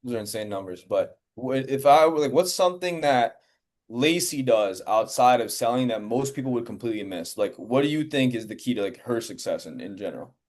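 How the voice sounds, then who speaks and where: A man's voice: mid-range voice, lively intonation, brisk, a little mellow. A man hosting an interview in a casual, loose way, filling his questions with "like," "you know" and "man.". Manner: casual, filler-heavy, says "man" and "like" a lot. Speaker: podcast host. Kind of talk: interview conversation.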